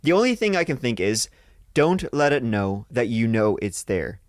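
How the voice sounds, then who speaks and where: A man's voice: mid-range voice, big pitch swings, normal speed, no echo, clean studio sound. A man hosting a podcast, reading a listener's ghost story aloud in a casual way, swearing freely and joking between lines. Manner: swears freely, breaks off to joke mid-story.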